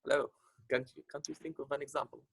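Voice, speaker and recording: A man's voice: fairly high pitch, flat delivery, fast, gravelly, breathy edge, no echo, rough recording. A man teaching an online grammar lesson, patient, repeating points with many fillers. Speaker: English teacher.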